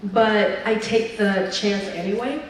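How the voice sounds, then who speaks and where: A woman speaking as the featured guest at an event, telling stories in a lively, chatty way. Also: medium pitch, slow, a little hiss or hum. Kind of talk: speech and onstage Q&A. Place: large event hall at a brunch. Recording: echoey hall, mic picked up from a distance.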